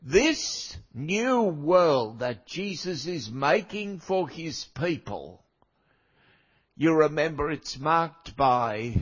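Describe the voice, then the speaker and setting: An older man delivers a sermon at an unhurried, deliberate pace, his voice husky and a little worn by a cold. He chats with the congregation rather than orating and drops in wry asides. The recording sounds dull and lo-fi. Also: on the high side, very animated. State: has a cold, coughing now and then. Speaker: preacher.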